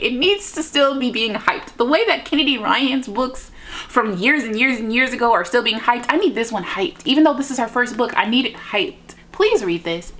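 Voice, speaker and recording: A woman's voice: fairly high pitch, a bit bright. A young woman chatting casually on her book channel, gushing and rambling with lots of fillers. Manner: chatty, gushing, lots of "like" and "you know what I mean". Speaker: book vlogger. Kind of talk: casual book review chat.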